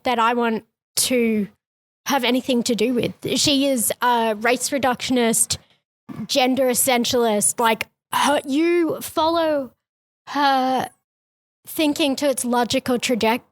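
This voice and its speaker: A woman co-hosting a political podcast, talking heatedly and tripping over restarts. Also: on the high side. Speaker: podcast co-host. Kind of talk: casual political chat.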